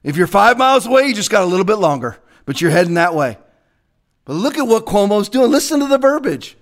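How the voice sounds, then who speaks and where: Male pastor, high voice, fiery confrontational preaching, loud bursts and hushed asides. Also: big pitch swings, quick pace. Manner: confrontational, swings between shouting and hushed asides.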